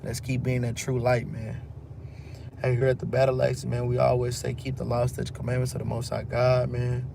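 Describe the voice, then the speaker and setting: A man's voice: mid-range voice, monotone, moderate pace, gravelly, background noise. A man with a Texan accent teaching from scripture, reading verses aloud and then retelling them in loose street slang. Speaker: teacher of a religious group. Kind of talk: bible teaching with casual commentary.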